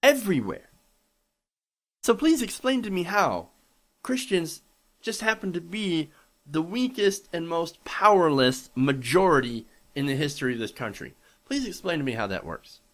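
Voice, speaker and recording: A man's voice: on the high side, expressive, moderate pace, fairly bright tone. A man delivering an indignant, sarcastic commentary monologue, calling out bigotry and swearing freely. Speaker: political commentator.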